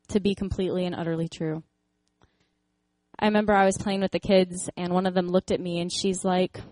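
A woman's voice: on the low side, no echo. Earnest young woman, dry close voice. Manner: animated storytelling, acts out voices in quotes; earnest, encouraging, with laughs. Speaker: speaker sharing a faith testimony. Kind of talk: personal faith talk.

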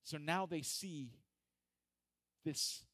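A man's voice: on the high side, extremely slow, no room sound. A man preaching a casual, joking sermon who acts out the people in the story. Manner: animated, joking, acts out voices. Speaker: pastor. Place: church hall.

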